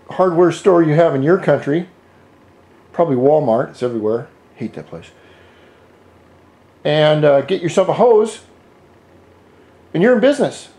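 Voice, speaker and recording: Middle-aged guy rambling and cussing in his workshop, voice sits a bit high, jokes around. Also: dark tone. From United States. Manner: rambling, joking, cusses freely. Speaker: scooter hobbyist vlogger. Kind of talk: casual how-to vlog.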